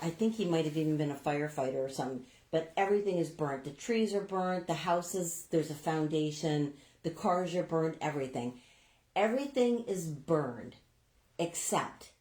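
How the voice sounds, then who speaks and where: A woman's voice: low voice, warm tone. Chatty woman in an echoey room. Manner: chatty, reads viewer comments aloud. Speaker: co-host of a live stream. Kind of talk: casual live-stream chat.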